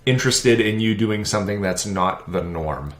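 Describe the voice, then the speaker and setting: Young man with a low voice, roomy sound. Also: moderate pace. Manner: animated storyteller, acts out quoted voices. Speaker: podcast co-host. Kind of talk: casual chat. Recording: roomy echo.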